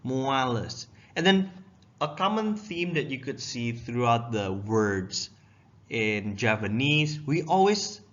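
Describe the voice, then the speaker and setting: Young guy w/ teaching words step by step, bright punchy voice, kinda dull lo-fi audio. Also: medium pitch, big pitch swings, slow. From Indonesia. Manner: explains step by step, reading words aloud. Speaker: language teacher. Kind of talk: casual lesson. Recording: dull, lo-fi sound.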